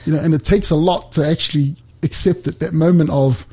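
A middle-aged man giving an earnest faith talk over a call, speaking haltingly with many restarts. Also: on the high side, fairly even intonation, dark tone, breathy edge. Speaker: guest speaker.

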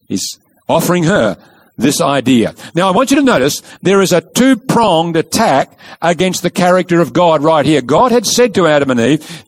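A man's voice: on the high side, very animated, normal speed. A man preaching a sermon, telling the story with emphasis and rhetorical questions.

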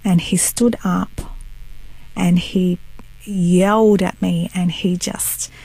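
A woman's voice: on the low side, steady tone, slow, creaky, warm tone, poor audio. A middle-aged woman giving her personal testimony as an interview guest, telling her story earnestly and acting out what others said. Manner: earnest storytelling, acts out quotes.

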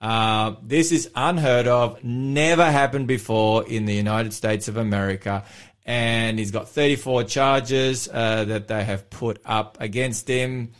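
A man's voice: mid-range voice, measured pace. An Australian pastor co-hosting an afternoon radio show. His talk is loose and rambling, full of ums and restarts, and he laughs easily. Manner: chatty, animated, laughs often, rambling with fillers. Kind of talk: casual radio chat. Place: radio studio.

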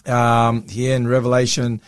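A man, a pastor co-hosting a Bible study talk show, explaining scripture earnestly with a slightly croaky voice. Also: medium pitch, monotone, unhurried. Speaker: pastor, co-host.

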